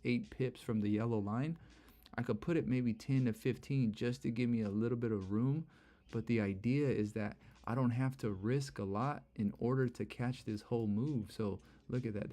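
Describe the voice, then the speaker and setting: A man's voice: medium pitch, dark tone. A young man hosting a casual live stream, chatting loosely and repeating himself while explaining charts to viewers. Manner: chatty, repeats "look" and "bro". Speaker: livestream trading host.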